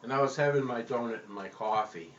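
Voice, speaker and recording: A man telling a comic story in a deadpan, halting way, with frequent pauses, in an echoey room with dull, lo-fi sound. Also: medium pitch.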